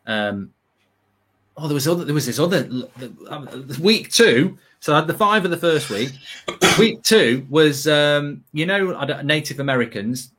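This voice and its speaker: A man's voice: a little high, lively intonation, moderate pace, a bit bright. A man, a football pundit, chatting casually with a rambling, self-mocking manner and lots of fillers. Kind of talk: casual storytelling chat.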